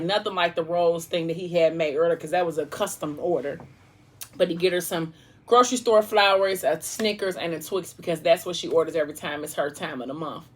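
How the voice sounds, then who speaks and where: Lowish voiced woman chatting thru a book plot while she eats, lots of likes and you knows. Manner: rambling, heavy use of "like" and "you know". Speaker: mukbang vlogger retelling a novel. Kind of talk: casual chat while eating.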